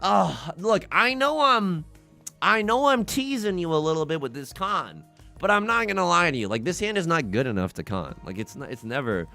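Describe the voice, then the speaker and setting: A young man giving live game commentary to his chat, jokey and animated, often stumbling and repeating words. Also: on the high side, normal speed, vocal fry, faint music behind. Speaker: streamer.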